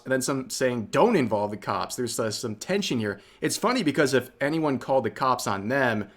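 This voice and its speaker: A man talking over a clip in an easy, conversational way, with a voice at an average pitch. His remarks are sarcastic and mocking. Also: a bit bright. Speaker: reaction commentator. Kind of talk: casual reaction commentary.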